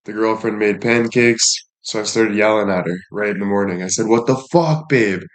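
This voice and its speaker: A man's voice: lowish voice, fairly even intonation, brisk. A young man chatting casually on a live stream, thanking viewers and joking crudely with plenty of swearing. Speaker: livestreamer.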